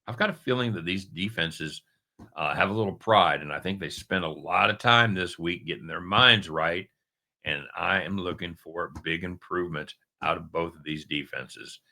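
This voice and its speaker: Give me a jokey man previewing his sports bets in a casual chat, a bright forceful voice. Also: low voice, normal speed, gravelly. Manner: chatty, jokey, talks straight to viewers. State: talking with a caramel in his mouth. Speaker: sports betting handicapper.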